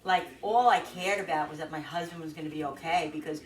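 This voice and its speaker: In a deep voice and at a brisk clip, a middle-aged woman shares a personal story on her vlog, emotional and rambling, repeating herself along the way. Noise and room echo come through from the faraway mic.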